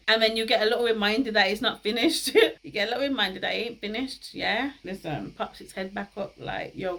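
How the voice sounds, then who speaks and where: A woman's voice: medium pitch, fairly bright tone, rough recording. A young woman, hosting a casual talk. She is chatty, laughs often and uses slang. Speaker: host.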